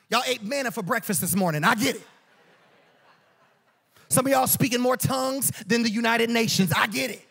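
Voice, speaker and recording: A man preaching a storytelling sermon in a church, animated and joking. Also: very high-pitched, creaky, husky. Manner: animated and joking, acts out quoted voices. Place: church auditorium.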